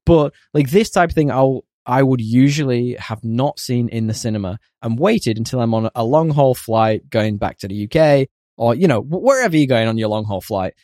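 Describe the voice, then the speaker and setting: A man's voice: medium pitch, lively intonation, normal speed, few pauses, warm tone, dry recording, clean studio sound. A man co-hosting a casual film podcast, blunt and swearing freely as he talks. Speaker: podcast co-host. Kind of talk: casual film review chat.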